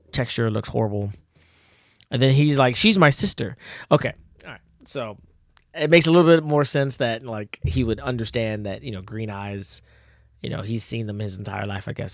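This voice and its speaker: A man's voice: medium pitch, a bit bright, no echo, studio quality. A man casually reading through his own old comic, laughing a lot and poking fun at himself with many fillers. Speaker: comic artist reviewing own old work.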